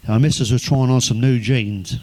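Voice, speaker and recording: An English man doing crude stand-up, swearing constantly and telling deadpan one-liners. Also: mid-range voice, normal speed, a little hiss or hum. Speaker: stand-up comedian.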